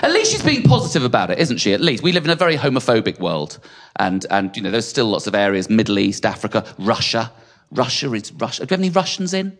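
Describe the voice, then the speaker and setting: Lively, animated male stand-up comedian. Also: mid-range voice. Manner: animated, self-mocking storytelling with quick asides to the audience. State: sweating on stage. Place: comedy venue with a live audience.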